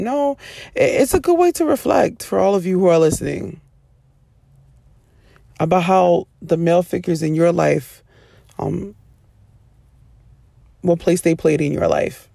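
A woman with a gravelly, creaky edge to her voice talks straight into a close, dry-sounding mic. She hosts a casual storytelling monologue, animated and expressive, slipping into little voices for the people she quotes and laughing often. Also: on the low side, measured pace, pauses often, no echo. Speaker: podcast host.

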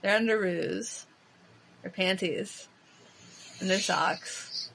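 A woman's voice: medium pitch, slow pace, gravelly, fairly bright tone, a little hiss or hum. A woman hosting a podcast, chatting casually and enthusiastically, with lots of filler words. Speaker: podcast host. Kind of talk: casual chat.

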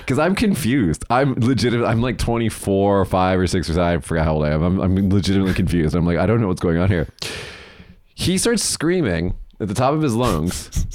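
A man with a lowish voice in his thirties, telling a story in casual podcast chat. He swears freely and often laughs mid-sentence as the tale gets louder. The sound is dry and close to the mic, with no room around it. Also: expressive, a little fast, no room sound. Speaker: podcast co-host.

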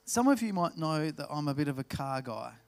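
Australian pastor preaching slowly. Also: male voice, a little high, big pitch swings. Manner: storytelling, slows down to stress key words. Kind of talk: sermon.

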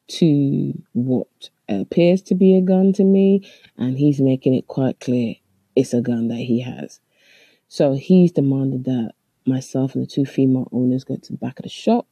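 A speaker, earnestly telling a personal story in a halting way with frequent restarts. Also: mid-range voice, mellow, husky, no room sound, rough recording. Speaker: storyteller recounting a personal experience. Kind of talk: first-person spoken account.

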